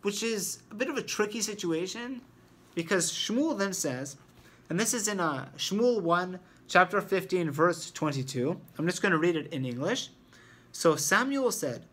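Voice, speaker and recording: A man's voice: high-pitched, expressive, a little slow, a bit bright. A man teaching an informal Torah lesson who explains step by step and thinks aloud as he talks.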